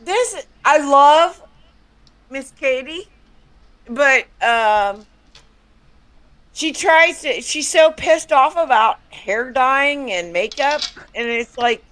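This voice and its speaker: A high-voiced woman hosts a livestream with a tipsy, playful giggle in her chat. Her tone is bright and sharp. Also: expressive, slow, long pauses, slight background noise. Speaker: host.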